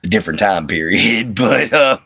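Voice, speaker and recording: This is a livestream host from the Southern United States, talking loosely with viewers from inside an RV, his slight twang coming through amid frequent fillers and restarts. His lowish voice has lively intonation, vocal fry, and a pushed, bright, slightly rough quality at normal speed. No room sound is audible.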